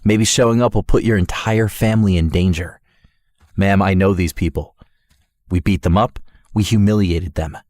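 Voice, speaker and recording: A man voicing a stern bodyguard in an animated story, speaking firm, low and curt. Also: moderate pace, no echo, close to an everyday voice. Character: stern, terse male bodyguard.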